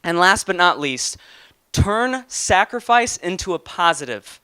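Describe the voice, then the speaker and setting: A man's voice: high-pitched, big pitch swings, unhurried, sharp tone, clear, resonant tone, no echo, studio quality. A young man giving an earnest motivational talk and telling a personal story, with some restarts. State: getting emotional. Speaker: motivational speaker.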